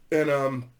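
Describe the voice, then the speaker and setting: A man telling a long rambling story to his viewers, swearing constantly and laughing as he goes. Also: medium pitch. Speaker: YouTuber.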